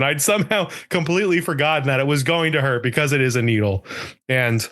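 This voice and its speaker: A young man co-hosting a podcast in casual chat, joking and laughing often and acting out quoted lines in a higher voice. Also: animated, fairly quick, a bit bright. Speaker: podcast co-host.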